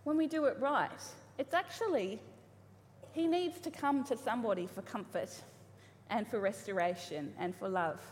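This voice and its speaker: Woman preacher, thirties, casual sermon, slightly high voice, long church hall reverb, faint room ambience. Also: expressive, normal speed, slight background noise. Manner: chatty, warm humor, frequent ums and restarts.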